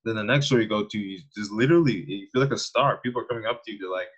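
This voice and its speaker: Young canadian guy, lowish voice, slangy and laughing through his stories. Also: rapid-fire, husky, dull audio. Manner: slangy, animated storyteller who laughs often. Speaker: guest, online fitness coach. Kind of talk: casual conversational interview.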